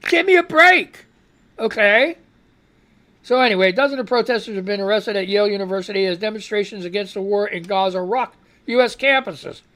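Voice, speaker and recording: A man's voice: high voice, fast, a bit bright. Rambling male radio host. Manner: rambling, reads headlines aloud and reacts with outbursts. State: fighting a cough. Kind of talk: casual live news commentary.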